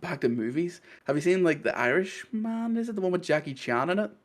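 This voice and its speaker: A man with a Belfast accent in casual chat, talking quickly in rambling runs and laughing often. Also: fairly high pitch, animated. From Northern Ireland.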